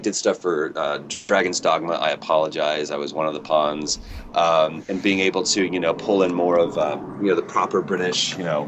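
A man talking casually as an interview guest over an internet call, rambling and joking at his own expense, with aircraft noise faint behind him. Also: low voice. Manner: rambling, jokey, self-deprecating. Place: home near an airport.

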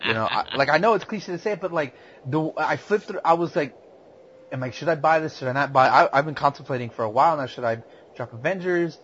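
A man's voice: a little high, quick pace, fairly bright tone. A man talking casually about comic books, stumbling over his words and restarting often. The recording is dull and lo-fi, with faint ambient noise underneath. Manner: hesitant, stammering, many restarts. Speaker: comic book podcast co-host. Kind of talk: casual chat.

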